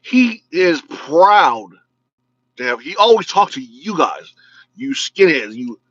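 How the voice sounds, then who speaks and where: A man's voice: a little high, big pitch swings, slow pace, fairly bright tone, dry recording, dull audio. A man from Illinois hosting his own video show, talking in a blunt, joking, ranting way, with slightly slurred, mumbly speech. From United States, Illinois. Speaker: vlog host. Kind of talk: casual political rant to camera.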